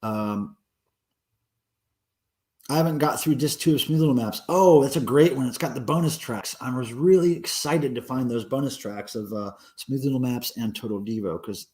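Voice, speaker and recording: A man's voice: medium pitch, a little mellow. A man hosting a casual livestream, rambling and answering viewer comments with lots of ums and uhs. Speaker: livestream host.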